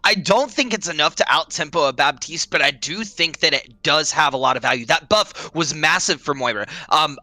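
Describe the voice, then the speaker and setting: A young man casting a competitive esports match, calling plays fast and shouting at the big moments. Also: on the high side, no room sound. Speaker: esports caster. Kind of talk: excited esports commentary.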